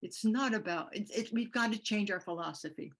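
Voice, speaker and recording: A woman's voice: medium pitch, fairly quick. An older woman giving a motivational speech, telling stories with passion and acting out the voices of the people in them. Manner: passionate storytelling, acts out quoted voices. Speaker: guest speaker on peace.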